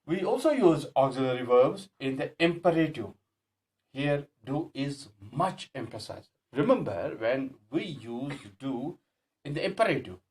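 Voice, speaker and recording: A male teacher walks students through a grammar lesson, saying each example sentence slowly and then repeating it. He hesitates often, breaking off words and restarting them. His pitch sits in the ordinary middle range for a man. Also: very animated, darkish tone. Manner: slow, deliberate delivery, repeating example sentences with emphasis; frequent hesitations and self-corrections. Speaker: English teacher.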